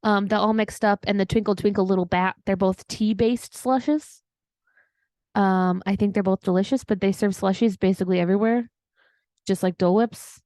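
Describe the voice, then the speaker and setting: A woman's voice: medium pitch, a little mellow, no room sound. Bubbly woman on a dry mic. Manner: bubbly, enthusiastic. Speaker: podcast co-host. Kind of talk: casual podcast chat.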